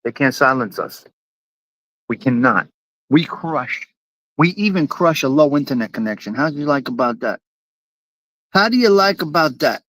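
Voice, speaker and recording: A man's voice: mid-range voice, animated, normal speed, pauses often, a bit bright, no room sound. A man hosting a live stream from his apartment, swaggering and profane, repeating lines for emphasis. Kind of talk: brash casual live-stream chat.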